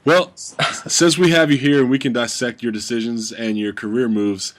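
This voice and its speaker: A man's voice: medium pitch, steady tone, moderate pace. A man hosting a podcast in a loose, joking, profane way. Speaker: podcast host. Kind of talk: casual podcast chat.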